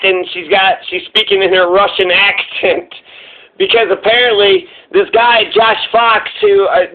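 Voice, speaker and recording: Guy with a high voice ranting sarcastic commentary, swears a lot, phone-line sound. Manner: sarcastic, profane, rambling. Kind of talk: casual reaction commentary.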